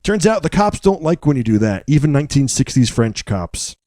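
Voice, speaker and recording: A man co-hosting a podcast, recapping a film in a casual, wry, joking way with deadpan asides. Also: fairly high pitch, fairly quick, no echo, studio quality.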